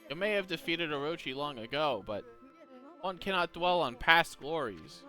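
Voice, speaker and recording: A man's voice: fairly high pitch, lively intonation, moderate pace, sharp tone, faint music behind. A man reading as a smug lofty prophet. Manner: lofty, theatrical, teasing. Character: aloof smug young male prophet swordsman. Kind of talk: reading game dialogue aloud.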